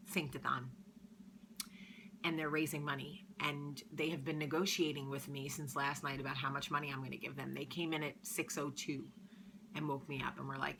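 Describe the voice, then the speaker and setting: A woman in her thirties chatting casually as a vlog host, telling stories with lively shifts between murmurs and loud bursts. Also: low voice, background noise. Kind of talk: casual confessional chat.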